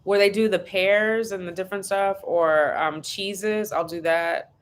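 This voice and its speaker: A woman's voice: medium pitch, measured pace, slight background noise. A woman hosting a casual live stream from home, chatting and telling family stories. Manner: chatty, animated storytelling with laughs.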